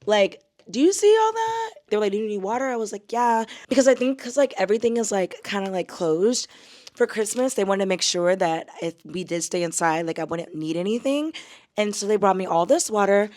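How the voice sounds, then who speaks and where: A woman's voice: mid-range voice, brisk, a little mellow. A young woman from the United States, chatting casually to camera as a travel vlogger, full of fillers and calling her viewers y'all. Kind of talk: casual vlog chat to camera.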